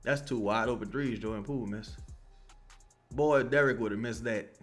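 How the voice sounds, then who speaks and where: A man's voice: mid-range voice, moderate pace, faint music behind. A young man watching a basketball game and reacting live, swearing a lot and ranting in bursts. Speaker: basketball commentator streamer.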